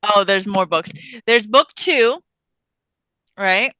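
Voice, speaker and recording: A woman's voice: medium pitch, slow, pushed and bright, clean tone, rough recording. A woman co-hosting a podcast, chatting casually about books with frequent giggles and teasing. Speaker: podcast co-host.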